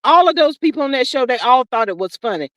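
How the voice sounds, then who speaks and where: A woman's voice: sits high, very animated, fast, a bit bright, no echo. A woman in her fifties hosting a casual live-stream talk show, chatting and reading viewer comments aloud.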